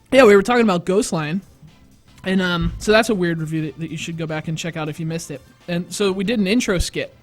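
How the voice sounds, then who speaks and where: A man with a high-pitched voice hosts a casual live stream. He rambles through his stories with plenty of self-mockery and quick laughter. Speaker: host. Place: studio.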